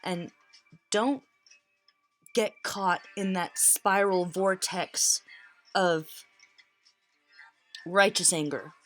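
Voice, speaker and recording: A woman's voice: on the low side, very slow, long pauses, a bit bright, soft background music. A woman giving a tarot reading in an earnest, emotional way, close to tears. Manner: earnest, emotional, repeats phrases for emphasis. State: near tears. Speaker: tarot reader.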